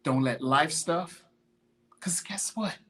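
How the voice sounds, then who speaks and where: A man's voice: on the high side, slow pace, pushed and bright. Emphatic slangy man preaching fitness. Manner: greets viewers by name mid-talk. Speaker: podcast host, fitness motivator. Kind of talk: motivational monologue.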